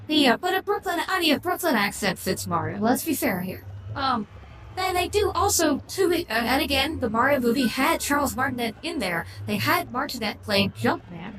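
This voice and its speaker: On a livestream, a woman streamer with a high, a bit bright voice chats casually, rambling, sharing opinions, and frequently restarting her sentences. She's in an echoey room with clear background noise.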